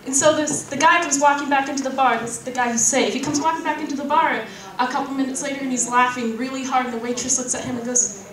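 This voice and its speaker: A woman contestant telling a long joke to an audience, animated and acting out each character's lines. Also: high-pitched, fast talker, a crowd in the background. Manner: animated, acts out the dialogue. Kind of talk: storytelling a joke. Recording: echoey hall, distant mic.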